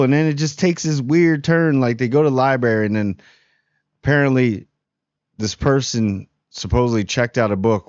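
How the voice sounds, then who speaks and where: A man from New Jersey gives a casual, blunt TV spoiler review. His pitch is mid-range, with lively jumps when he gets worked up and many restarts. The recording is dry and a little dull, with no room sound. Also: moderate pace, dry recording. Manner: blunt, animated, frequent restarts. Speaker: TV review host.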